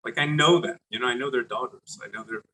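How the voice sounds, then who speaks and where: A man in his late forties from Brooklyn, a chef telling animated stories as an interview guest, laughing and acting out other people's voices with many restarts. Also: medium pitch, quick pace, slight background noise, rough recording. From Brooklyn, New York. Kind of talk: casual interview storytelling.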